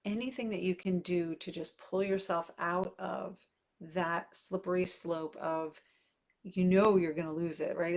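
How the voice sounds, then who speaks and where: In her forties and coaching parents, this woman chats openly with her viewers in a casual direct-to-camera talk, dropping many fillers. She speaks a little slowly, with a low, steady voice.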